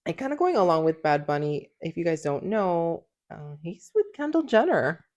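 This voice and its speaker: Chatty young woman, lowish voice. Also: very animated, moderate pace, a little mellow, dull audio. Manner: chatty, giggly, lots of fillers and "like". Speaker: podcast co-host. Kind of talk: casual chat.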